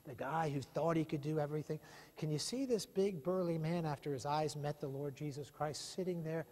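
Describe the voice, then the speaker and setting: A man's voice: on the high side, fairly quick, mellow. A male pastor preaching an impassioned sermon full of rhetorical questions in a church sanctuary. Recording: long reverb of a church hall.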